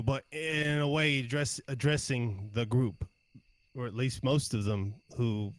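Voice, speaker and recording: A man's voice: medium pitch, no room sound. A casual male game master. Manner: descriptive, casual, with restarts. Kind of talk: narrating a tabletop game.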